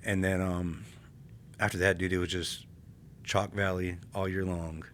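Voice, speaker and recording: A man from California, a retired army infantryman, telling war stories in a casual podcast interview, animated and laughing as he talks. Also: low-pitched, a little slow, slight background noise.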